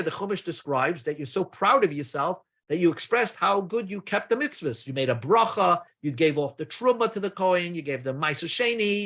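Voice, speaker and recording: A man's voice: fairly high pitch, a bit bright. A man giving a daily Talmud lesson, explaining step by step with casual asides and freely mixing in Hebrew and Aramaic terms. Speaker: Talmud teacher.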